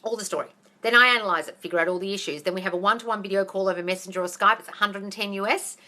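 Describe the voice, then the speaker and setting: A woman answering viewers' questions on a live phone stream, talking fast and bluntly, swearing and calling everyone darling. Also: mid-range voice, bright, forceful tone. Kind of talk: casual live Q&A.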